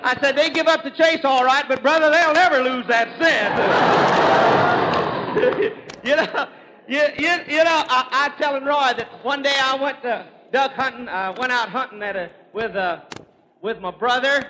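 High, bright folksy comedian. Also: male voice, moderate pace. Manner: folksy, chuckling at his own jokes, stammering restarts. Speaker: stage comedian. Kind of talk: rapid-fire rural stand-up gags. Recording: echoey hall with faint noise.

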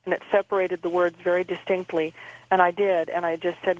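A woman speaks calmly as an interview guest, halting and repeating her words. Her delivery stays even and flat, with little rise and fall. The sound is muffled, like a phone line. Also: fairly low pitch. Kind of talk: recounting a personal experience.

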